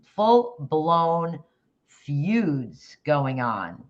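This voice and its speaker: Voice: mid-range voice, sing-song, extremely slow, lo-fi sound. A livestream host chatting casually about a case, rambling with restarts and greeting viewers in the chat by name.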